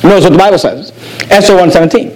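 High-voiced emphatic male preacher. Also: quick pace, breathy edge, poor audio. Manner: emphatic preacher with sharp pitch drops and repetitions. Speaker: pastor. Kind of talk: sermon.

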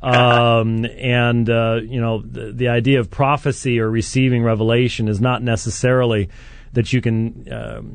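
A man hosts a call-in radio program, talking in a halting way with frequent restarts and quick chuckles. His voice sits at an ordinary pitch. The studio sound is close and dry, with no room echo. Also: little pitch movement, gravelly. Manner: halting, many restarts and fillers, chuckles often. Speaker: radio show host.

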